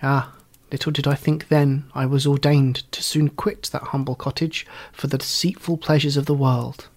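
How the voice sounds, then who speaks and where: A man narrating a story in an audiobook, reading in a measured, wry way. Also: medium pitch, little pitch movement. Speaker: reader.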